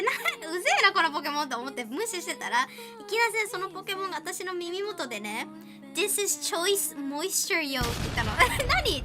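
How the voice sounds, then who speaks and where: A woman hosting a casual live drawing stream, switching between Japanese and English and laughing often as she chats. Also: high-pitched. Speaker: live-stream artist and host.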